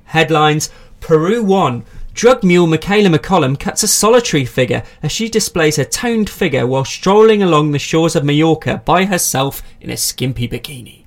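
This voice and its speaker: A man's voice: a little high, animated, normal speed. A man hosting a comedy podcast, reading tabloid articles aloud in a dry, mock-serious way with wry asides. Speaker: podcast host.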